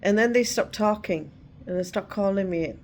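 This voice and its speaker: A woman's voice: mid-range voice, normal speed, a little mellow, slight background noise. A woman chatting casually as a vlogger, unwell with migraine and fever, rambling as she tells a story and quotes what others said. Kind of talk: casual chat.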